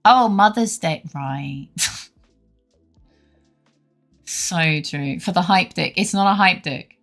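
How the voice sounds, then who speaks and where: A woman's voice: fairly low pitch, slow, a bit bright. A young woman streaming, chatting casually with viewers, laughing often and swearing freely while feeling a bit feverish. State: feverish, unwell. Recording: faint music behind.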